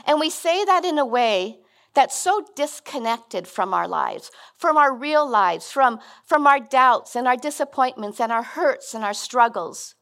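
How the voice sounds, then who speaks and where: A woman's voice: high voice, lively intonation, measured pace, a bit bright. A middle-aged woman giving a sermon as guest speaker, conversational and earnest with frequent restarts.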